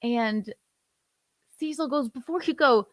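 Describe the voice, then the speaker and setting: A woman's voice: high voice, slow, dry recording. A woman hosting a casual livestream, talking sarcastically with swearing and laughing asides. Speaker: livestream host. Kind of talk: casual commentary chat.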